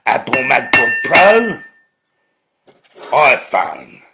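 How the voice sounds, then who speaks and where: Gravelly, shouty Australian man ranting. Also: wildly swooping pitch, drawn-out words, heavy background noise. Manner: profane, swinging between low mutters and shouted tirades. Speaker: video ranter. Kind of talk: angry monologue to camera.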